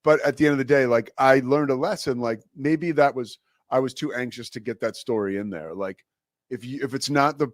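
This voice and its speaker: A male host at an ordinary pitch, chatting easily. He stumbles into sentences with repeated words. The recording is dry and close. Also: fairly quick, no echo. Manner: conversational, repeats words when starting sentences. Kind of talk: casual chat.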